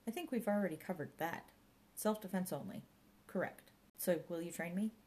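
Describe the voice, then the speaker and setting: A woman's voice: on the low side, normal speed, warm tone, lightly acted. A woman reading an audiobook and voicing a dry, sardonic young man working as a reluctant park ranger. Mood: wry. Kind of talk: audiobook character voice.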